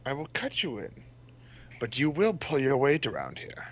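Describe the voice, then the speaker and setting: A man's voice: medium pitch, huge pitch swings, normal speed, dull audio. A man voicing an arrogant male German doctor with a German accent, pompous and dismissive.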